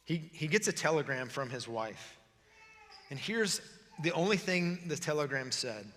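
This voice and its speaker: Tearful pastor preaching in a hall. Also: male voice, on the high side, measured pace, slight background noise. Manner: emotional, voice breaking into tears at times; shifts between hushed intensity and lively joking. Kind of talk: sermon.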